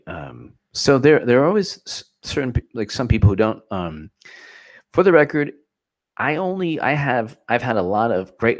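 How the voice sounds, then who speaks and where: A man hosting a casual political livestream, who thanks his viewers at length in an effusive way. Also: lowish voice.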